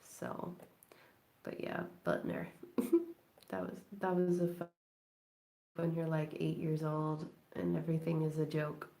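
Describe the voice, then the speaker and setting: Woman with a vocal-fry chat. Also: low-pitched, little pitch movement, measured pace, long pauses, warm tone. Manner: rambling, chatty, laughs often. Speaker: live-stream crafting host. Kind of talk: late-night casual chat while crafting. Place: at home indoors.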